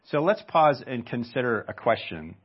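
A man's voice: medium pitch, big pitch swings, moderate pace, breathy edge, lo-fi sound. A man preaching a sermon in a conversational way, stopping for rhetorical questions and asides. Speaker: pastor.

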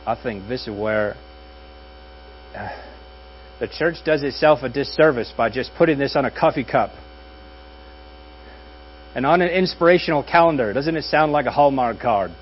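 A man's voice: medium pitch, lively intonation. Pastor, man, wry conversational sermon delivery, muffled take with light hum. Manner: conversational and wry, with dry jokes and pauses. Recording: dull audio with faint mains hum.

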